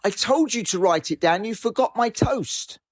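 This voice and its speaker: A man's voice: high-pitched, lively intonation, moderate pace, voice pushed up. A man voicing a fussy elderly wife in a joke he is telling, with a slightly raised, nagging delivery.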